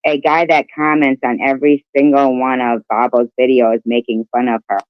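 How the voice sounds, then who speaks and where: A man's voice: medium pitch, flat delivery, moderate pace, no echo. A man co-hosting a livestream, reading viewer comments aloud in a mocking way. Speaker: livestream co-host reading chat. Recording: slightly muffled stream audio.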